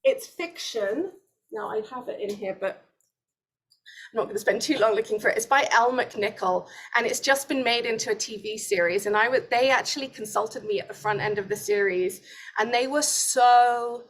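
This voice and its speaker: A British woman in her forties hosts a relaxed online conversation, her voice sitting a little on the high side. She talks in an eager, chatty way, peppering her sentences with little fillers. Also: normal speed. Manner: chatty and enthusiastic, many fillers. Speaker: host. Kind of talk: casual webinar conversation.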